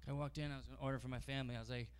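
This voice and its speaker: A male stand-up comic doing a set with a deadpan delivery. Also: mid-range voice, rapid-fire, clear, resonant tone.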